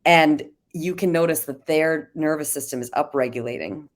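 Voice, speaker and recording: Low voiced woman hosting a live chat, earnest, explains stuff. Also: normal speed. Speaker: host and CEO.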